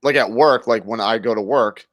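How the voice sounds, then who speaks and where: An easygoing man in casual conversation, agreeable and quick with short replies. His voice sits at an ordinary middle pitch. It is recorded dry and close, with no room sound around it. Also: fairly bright tone, no room sound. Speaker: podcast co-host. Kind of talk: casual chat.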